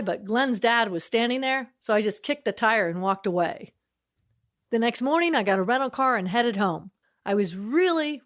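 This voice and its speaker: A woman's voice: fairly high pitch, a bit bright. Chatty woman comedian telling stories. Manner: chatty, laughs between lines. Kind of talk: storytelling comedy.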